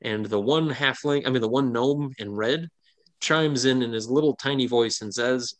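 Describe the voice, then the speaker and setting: A man's voice: mid-range voice, moderate pace. A man running a tabletop fantasy game as game master, describing scenes at length with frequent fillers and restarts. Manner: descriptive, rambling with many fillers.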